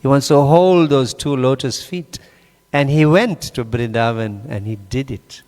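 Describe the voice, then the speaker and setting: A man's voice: mid-range voice, unhurried. Man telling a scripture story in a reverberant hall. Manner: animated, questions the audience. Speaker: class speaker.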